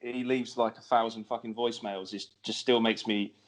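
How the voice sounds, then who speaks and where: A man's voice: medium pitch, level tone, normal speed. A man hosting a podcast in a casual, laid-back chat, swearing freely. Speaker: podcast host.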